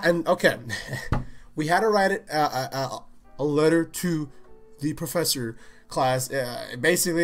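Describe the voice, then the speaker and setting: A young man hosting his own podcast, telling a story in a casual, animated rant, swearing freely and acting out what people said. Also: fairly high pitch. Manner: animated, swears a lot, acts out quotes in voices. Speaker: podcast host.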